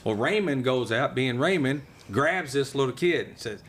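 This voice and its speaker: A man, a retired race car champion, guesting on a podcast and telling stories with lively acted-out quotes. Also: medium pitch, normal speed, slight background noise. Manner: animated storyteller, acts out others' lines. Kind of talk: casual storytelling interview.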